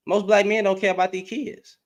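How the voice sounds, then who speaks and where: A man giving heated reaction commentary as an online commentator, animated and profane, repeating himself and laughing often. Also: sits high, brisk. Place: in Dallas, Texas.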